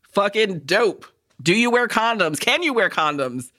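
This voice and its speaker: A woman with a mid-range voice takes her time as she co-hosts a podcast. Her casual comedic chat is crude and joking, profane and animated.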